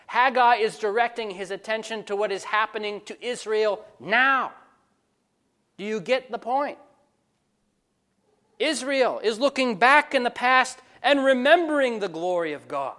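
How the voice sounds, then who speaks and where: A man's voice: high-pitched, animated, unhurried, fairly bright tone. A man preaching an expository sermon, driving points home with emphatic rhetorical questions. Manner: emphatic, rhetorical questions, stressing key words.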